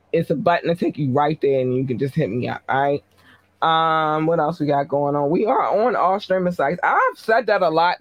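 A woman podcast host giving casual live-stream shout-outs to her listeners, talking in a slangy, blunt, chatty way. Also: low-pitched, no room sound.

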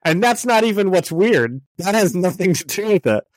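A man's voice: high-pitched, big pitch swings, normal speed, dry recording. Man, congested, comic podcast co-host, casual chat, laughs easily, dry recording. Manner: chatty, self-deprecating, laughs often. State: congested from illness.

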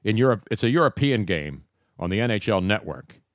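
A man's voice: lowish voice, big pitch swings, a little fast, dry recording. A man hosting a casual sports talk show, chatty and wisecracking, rambling from one topic to the next. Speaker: radio talk show host.

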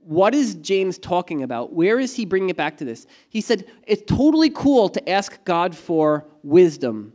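Animated, high-voiced male pastor preaching. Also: moderate pace, few pauses. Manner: lively, animated preaching with acted-out voices of doubters; casual slang and humor. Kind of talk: sermon.

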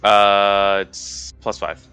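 A man's voice: fairly low pitch, completely flat delivery, very slow, sharp tone, smooth, dry recording, soft background music. A man playing a tabletop game, talking casually and swearing now and then. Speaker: player.

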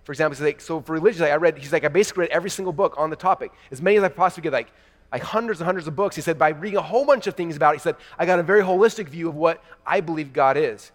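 A man in his thirties giving an energetic keynote to a large live audience, telling stories excitedly and talking to the crowd as "you guys". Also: fairly high pitch, very fast, long reverb tail. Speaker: keynote speaker. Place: large event hall before a live audience.

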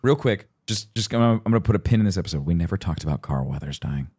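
This is a man in his thirties, co-hosting a laid-back podcast chat. He talks in a lowish voice that moves up and down a lot. He tells his stories with animation and voices the people in them. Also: very fast, breathy edge. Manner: animated storyteller who acts out quotes. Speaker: podcast co-host.

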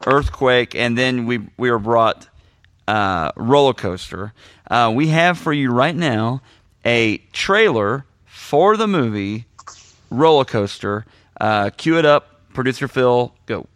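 A man's voice: mid-range voice, a bit bright, smooth, no echo, studio quality. A man from the Missouri Ozarks hosting a podcast, asking questions in an easygoing way. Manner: easygoing, interviewing with fillers. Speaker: podcast host. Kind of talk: casual podcast chat.

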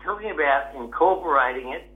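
An Australian man calling in to a podcast, halting as he searches for words. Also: fairly high pitch, lively intonation. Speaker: caller. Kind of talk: casual phone chat. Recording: phone line.

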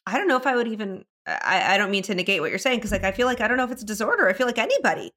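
Podcast host, woman, casual chat, expressive reactions, mid-pitched voice. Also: racing. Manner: expressive, reacts with disbelief and laughter.

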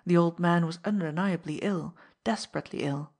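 A woman narrating an audiobook in a steady, measured way. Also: lowish voice, breathy edge.

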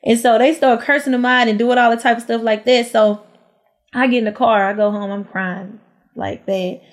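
Animated young woman with a drawl. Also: a little high, normal speed. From Houston, Texas. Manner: animated, acts out quotes, frequent "like" and "um". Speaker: podcast guest storyteller. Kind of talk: casual storytelling chat.

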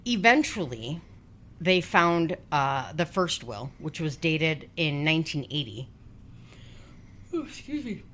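A woman's voice: deep voice, lively intonation, a little slow, a bit bright. A woman in her forties telling a true-crime story on a casual podcast, blunt and sweary with sarcastic asides. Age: 40s. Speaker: podcast host.

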